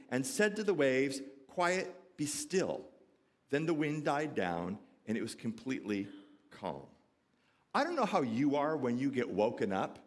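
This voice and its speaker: A man preaching a sermon with a slightly high voice that rises and falls a great deal. He talks to the congregation in a conversational way and puts questions to them. He often slips into the voices of the people in the story. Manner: animated, acts out quoted voices of disciples. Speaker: pastor.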